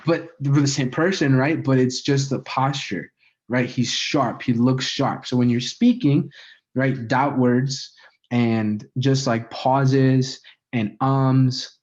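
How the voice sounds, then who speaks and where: A man's voice: mid-range voice, steady tone, slow pace, a little mellow, lo-fi sound. A man giving a casual spoken training on sales communication, loose and conversational, often tagging lines with "right?".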